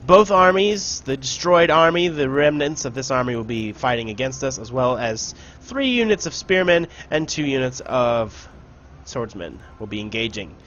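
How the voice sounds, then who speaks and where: A man giving casual let's play commentary on a strategy game, shouting orders and taunting enemies now and then. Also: medium pitch, lively intonation, normal speed, dull audio, slight background noise. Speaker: gameplay commentator.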